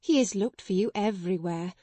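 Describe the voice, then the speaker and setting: A woman plays a kind storybook mother who comforts a child. Her voice is mellow and dark, and she speaks slowly and soothingly in a dry, close sound. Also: mid-range voice, dry recording, close to an everyday voice. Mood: tender. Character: gentle, motherly grown woman.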